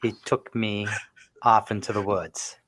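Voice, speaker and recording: A man's voice: lowish voice, level tone, a little slow, a bit bright. A man playing in a casual tabletop role-play, describing events in a hesitant, matter-of-fact way. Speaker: player.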